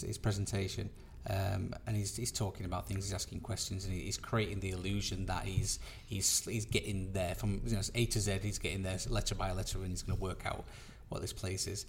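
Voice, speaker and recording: A man's voice: deep voice, fairly even intonation, fairly quick, vocal fry, few pauses, slight background noise. A man, a magician, rambling through an anecdote in casual chat, full of fillers and trailing off. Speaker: magician, podcast co-host.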